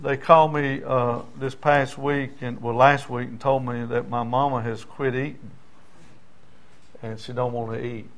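A man's voice: medium pitch, flat delivery, a little slow. An older man, a pastor preaching in a folksy storytelling way, dropping into dialect. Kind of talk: sermon.

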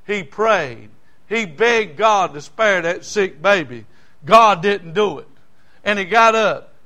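A man, preaching a sermon in a folksy, animated way with homespun asides. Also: sits high. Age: 60s.

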